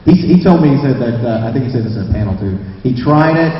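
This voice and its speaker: A man, a voice actor on a convention panel, joking and lively as he takes questions, recorded in an echoey hall from far off. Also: mid-range voice, fast talker, muffled recording. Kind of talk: casual panel talk.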